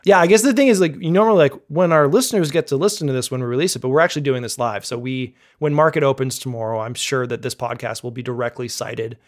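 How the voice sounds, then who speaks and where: A man's voice: mid-range voice, fast talker, hardly any pauses. A young man from Canada co-hosting a tech podcast, chatty and joking, poking fun at himself. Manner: chatty, joking, self-deprecating. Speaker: podcast co-host. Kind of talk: casual podcast chat.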